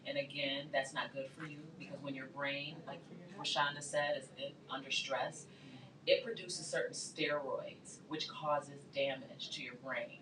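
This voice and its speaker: Low-voiced woman guest, echoey room. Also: fairly even intonation, a little slow. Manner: explaining, uses simple comparisons. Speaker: guest speaker. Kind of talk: casual studio discussion. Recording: echoey studio, mic at a distance, faint hum.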